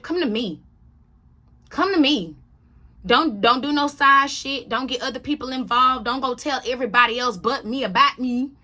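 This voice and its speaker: A sassy woman talks through a reality TV recap in a bright, forceful voice. Her pitch sits a little high. She is blunt and repeats her points for emphasis. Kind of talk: casual opinionated chat.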